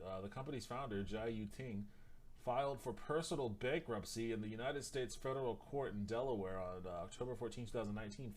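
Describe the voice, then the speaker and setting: A man hosts a casual livestream, reading news articles aloud in an everyday voice. He trips over names and numbers and backs up to fix them. Between passages he drops in quick, blunt, profane comments of his own. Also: mid-range voice. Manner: stumbles and restarts while reading. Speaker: livestream host.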